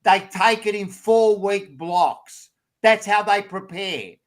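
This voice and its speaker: A man hosting a sports podcast panel, teasing his co-hosts in lively banter. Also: slow pace. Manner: teasing, excitable, rising pitch when ribbing others.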